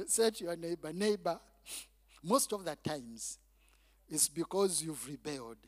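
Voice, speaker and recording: A male pastor preaching a sermon in a call-and-response style, with halting restarts and repeated words, then surging loud on key phrases. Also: fairly high pitch.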